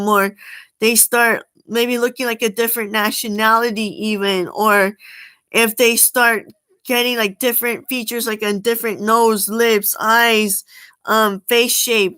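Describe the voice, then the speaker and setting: Woman, fairly high and bright voice, unscripted rambling monologue, halting, lots of restarts. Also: clean tone, poor audio. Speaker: channel host.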